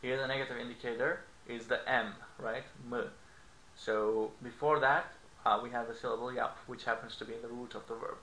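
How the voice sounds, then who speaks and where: A man's voice: mid-range voice, steady tone, a little fast, sharp tone. Man teaching a language lesson, echoey room. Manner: explanatory, frequent "okay?" and "you know". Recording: echoey room with faint noise.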